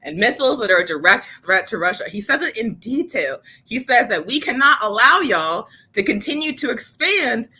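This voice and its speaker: A woman's voice: a little high, very animated, moderate pace, few pauses, bright, forceful tone, breathy edge. A woman co-hosting a political news show, speaking casually and passionately, with sarcasm and lots of fillers. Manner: fiery and sarcastic, casual with frequent "like". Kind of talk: impassioned political commentary.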